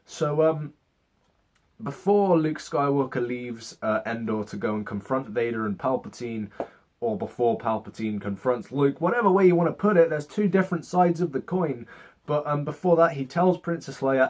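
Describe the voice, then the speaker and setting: A man's voice: medium pitch, normal speed, darkish tone. Sarcastic young man reviewing a movie. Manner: sarcastic, swears, acts out scenes in mock voices. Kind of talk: casual spoken movie review.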